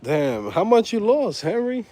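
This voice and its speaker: Chill man on a livestream, slangy, mellow dark voice, laughs a lot. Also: high voice, big pitch swings, a little slow. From Dominican heritage. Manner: laid-back slangy talk, laughs often. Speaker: livestream host. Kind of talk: casual livestream chat.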